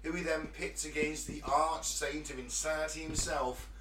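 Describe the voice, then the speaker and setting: A man's voice: on the high side, fairly even intonation, normal speed, far from the mic. A man hosting a casual comedy podcast, jokey and rambling as he tells stories. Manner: jokey and rambling, with filler restarts. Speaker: podcast host. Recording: echoey room, a bit off-mic.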